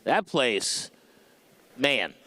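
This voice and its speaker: A man's voice: medium pitch, sing-song, very slow, bright, forceful tone, dry recording. A man from Indianapolis hosting a podcast panel on a convention stage, rambling and filling his talk with hesitations. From Indianapolis, USA. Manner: rambling, heavy with fillers. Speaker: podcast host.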